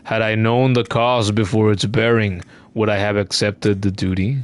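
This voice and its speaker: Frail aged bug conductor, bedridden and solemn, formal speech, a little lower and quieter than everyday talk, a man reading game dialogue. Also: flat delivery, close to an everyday voice. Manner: slow, formal, mournful delivery.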